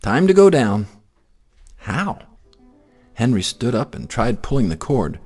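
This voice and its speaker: Animated man reading a storybook. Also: mid-range voice, measured pace, slightly rough, faint music behind. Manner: expressive, sing-song storytelling with animated swoops. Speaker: picture-book reader. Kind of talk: reading a children's storybook aloud.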